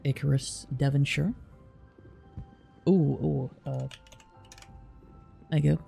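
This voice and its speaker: A man's voice: on the high side, creaky, warm tone. A man with an English accent chatting casually with live-stream viewers in a blunt, teasing way.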